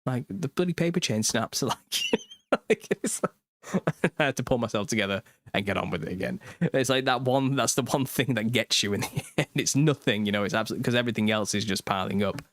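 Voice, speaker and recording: A British man in his thirties from the United Kingdom hosts a casual livestream, chatting, reading viewer comments and often laughing mid-sentence. His medium-pitched voice is fairly quick and bright with lively intonation, recorded at studio quality with no echo.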